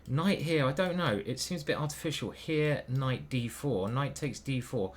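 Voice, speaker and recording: A man's voice: mid-range voice, normal speed. Man muttering through chess moves. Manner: muttering move by move, hesitant self-questioning. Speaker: chess grandmaster commentating his own games. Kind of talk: thinking aloud while playing online chess.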